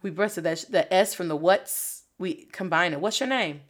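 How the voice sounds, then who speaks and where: A woman teaching a Spanish lesson, drilling phrases with lively repetition and switching languages. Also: on the low side, normal speed. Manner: animated, switches between English and Spanish, repeats phrases for drill. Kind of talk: energetic video lesson. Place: Detroit.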